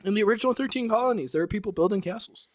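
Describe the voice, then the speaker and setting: A man's voice: high voice, racing, no echo, clean studio sound. A man co-hosting a podcast in casual chat, joking and laughing often. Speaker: podcast co-host.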